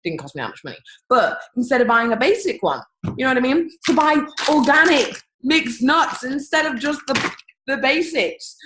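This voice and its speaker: A young woman hosting a group call from home, giving a chatty, upbeat sales pitch with big leaps in pitch and playful asides. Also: animated, normal speed, roomy sound, background noise. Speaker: business team presenter on a group call. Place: home room, echoey. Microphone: computer or phone on a call.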